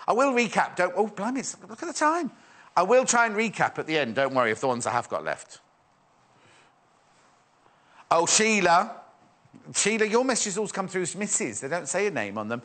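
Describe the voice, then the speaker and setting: Guy hosting a shopping show, chats away, bright voice, pitch all over the place. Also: sing-song, brisk. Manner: chatty, rambling, jokey, reads viewer messages aloud. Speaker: TV shopping presenter. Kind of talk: live shopping channel chat.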